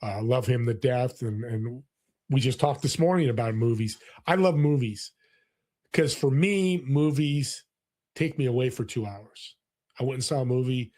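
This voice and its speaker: A man's voice: medium pitch, normal speed. Earnest older man telling stories. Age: 60s. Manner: earnest, animated storyteller with frequent restarts. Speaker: guest. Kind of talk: casual interview storytelling. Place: California.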